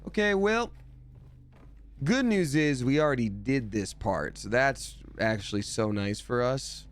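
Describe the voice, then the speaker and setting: A man's voice: medium pitch, lively intonation, a little slow. Guy streamer talking through a spooky game, jokey chatty commentary, normal mid voice. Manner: chatty and jokey, reading out chat messages. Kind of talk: live gameplay commentary.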